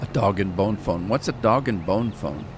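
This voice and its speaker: A man's voice: on the low side, animated, moderate pace, background noise. A man casually chatting through a gaming live stream, rambling, telling stories and laughing at his own jokes.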